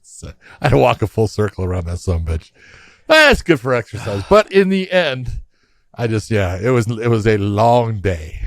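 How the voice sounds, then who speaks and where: A man's voice: lowish voice, moderate pace, no room sound. A middle-aged man, co-host of a combat sports podcast, telling a long travel story in casual chat and laughing as he acts out the exchanges. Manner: animated anecdotes, laughs often, acts out quoted exchanges.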